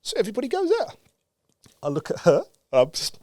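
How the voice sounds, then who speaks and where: A man from the UK telling a story with lively energy, acting out the dialogue and laughing as he goes. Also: sits high, fairly quick, no echo, studio quality. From United Kingdom. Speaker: guest speaker. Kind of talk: animated storytelling.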